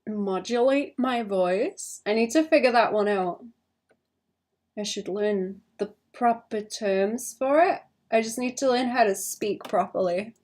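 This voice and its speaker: A woman's voice: mid-range voice, a little slow. Young woman rambling while she draws. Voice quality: vocal fry. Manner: thinks out loud, rambling and self-conscious. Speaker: illustrator streaming her drawing. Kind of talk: casual livestream chat while drawing.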